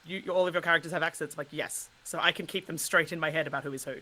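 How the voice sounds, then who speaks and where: Bright-voiced woman chatting. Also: low voice, very fast, rough recording. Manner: animated, laughs often. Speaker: guest. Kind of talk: casual chat about accent work.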